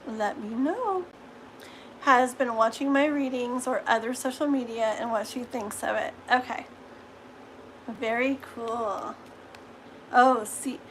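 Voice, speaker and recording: High-voiced, slow, chatty tarot streamer woman. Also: slight background noise, low-quality recording. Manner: chatty and gushing, laughs often. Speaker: tarot reader hosting a livestream. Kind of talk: casual livestream chat.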